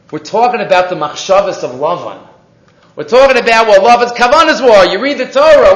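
High-voiced man teaching in an echoey room. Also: a little fast. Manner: lively, questioning, mixes Hebrew and Yiddish terms. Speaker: Torah teacher. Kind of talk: weekly Torah portion class. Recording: echoey, dull lo-fi room recording.

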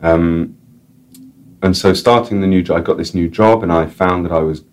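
A very deep-voiced man chats as an interview guest. He rambles enthusiastically, looping through restarts and filler words. His talk is loose and conversational. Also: moderate pace, darkish tone. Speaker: author and editor, interview guest. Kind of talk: casual interview chat.

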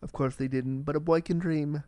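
A man hosting a solo podcast in a casual, candid and excitable way, swearing freely and talking with a slight cold. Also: on the high side, normal speed, dry recording. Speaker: podcast host.

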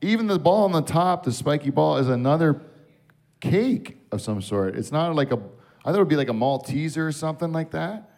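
A man's voice: on the high side, animated, fairly quick, darkish tone. A man hosting a late-night show, bantering bluntly and swearing freely. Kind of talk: casual on-air banter.

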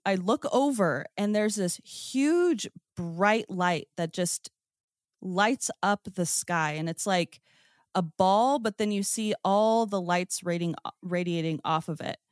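A woman guest on a podcast, telling her own story in a casual, excited way, with lots of "like" and "um". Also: on the low side, dry recording, studio quality. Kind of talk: casual first-person storytelling.

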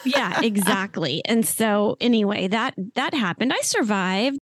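A woman's voice: medium pitch, lively intonation, a little slow, no room sound, studio quality. A woman co-hosting a podcast, telling a rambling anecdote in casual chat. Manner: rambling anecdote with acted-out quotes. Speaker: podcast co-host.

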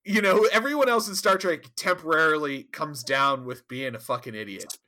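A man chats on a podcast, talking animatedly and swearing freely. His voice sits fairly high and sounds bright and forceful. He laughs often as he recaps. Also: normal speed. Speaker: podcast co-host. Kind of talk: casual chat.

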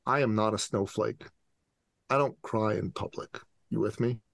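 Man, forties, from the middle east, business coach, animated storyteller, gravelly, dry close sound. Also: lowish voice, normal speed, dry recording. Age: 40s. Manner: dramatic, acts out scenes with voices. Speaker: podcast guest, business coach.

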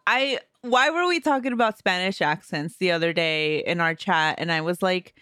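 Woman co-host, lower pitch, dry close-mic sound, laid-back and wry. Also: normal speed, pushed and bright, no echo. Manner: laid-back, swears casually, dry asides. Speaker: podcast co-host. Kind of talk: casual chat.

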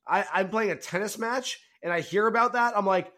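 A man hosting a golf betting podcast, chatting casually and telling stories with animated jokes. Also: high voice, fairly quick. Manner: animated, jokey storytelling. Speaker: podcast host.

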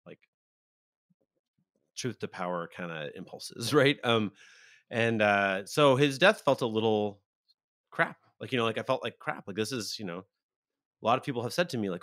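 A man's voice: on the low side, animated, normal speed, long pauses, fairly bright tone, dry recording, clean studio sound. A man talking on a podcast in a rambling way, often trailing off mid-thought. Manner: rambling, frequent fillers and trailing off. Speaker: podcast guest and site editor. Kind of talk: casual podcast talk.

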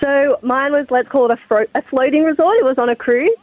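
A woman's voice: sits high, brisk, dry recording. A young woman calling into a radio show, telling a story with eager enthusiasm. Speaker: caller. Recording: muffled phone line.

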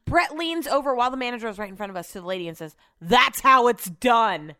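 A woman's voice: a little high, rapid-fire, clean tone, no echo. Woman telling a profane story, dry sound. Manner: animated, profane, acts out quotes. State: clearing her throat. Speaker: podcast host. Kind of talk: casual storytelling.

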